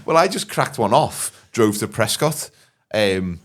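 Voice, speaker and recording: A man co-hosting a podcast, telling rambling, crude anecdotes and quick quips. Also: fairly low pitch, expressive, fairly bright tone. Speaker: podcast co-host. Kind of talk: casual pub-style banter.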